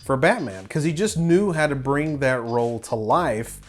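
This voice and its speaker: A man's voice: mid-range voice, animated, normal speed. A man hosting a film review show, talking in a casual, rambling, opinionated way with many restarts. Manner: enthusiastic, opinionated.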